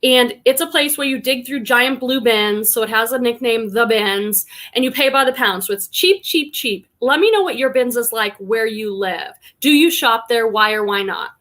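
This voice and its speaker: Bright, high-voiced chatty woman. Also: moderate pace, few pauses. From Boston. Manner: chatty, greets viewers one by one and reads chat aloud. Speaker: live stream host and online reseller. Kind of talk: casual live stream chat.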